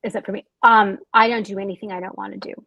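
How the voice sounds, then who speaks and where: A young woman author chats on a panel, effusive and gushing, tossing in quick quoted asides. Her voice is husky with a slight breathiness. The sound is dry and close. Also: mid-range voice, flat delivery, a bit bright, no echo, highs cut off. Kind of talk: casual panel chat.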